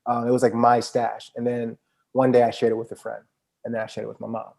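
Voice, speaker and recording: A young man talks with a dark, gravelly voice. He tells his stories in a relaxed and slangy way, the way a podcast guest chats with a host. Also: mid-range voice, fast talker. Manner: laid-back, slangy storytelling. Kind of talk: casual conversation.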